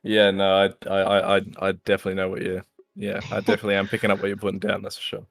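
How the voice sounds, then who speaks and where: A man with a low, gravelly voice and lots of fry, chatting casually as a guest. He talks haltingly and leans on fillers as he feels his way through each point. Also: completely flat delivery, no room sound, studio quality. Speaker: guest in a live voice chat. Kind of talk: casual chat.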